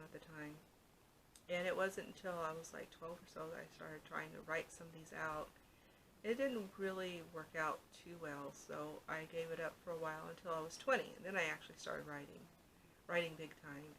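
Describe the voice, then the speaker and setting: A middle-aged woman with a faint, soft voice pitched a little low chats about herself straight into a camera microphone. She talks loosely, with plenty of ums and small restarts. A light hiss of ambient noise sits behind her. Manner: chatty, with many ums and restarts. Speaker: author. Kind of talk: casual vlog talk to camera.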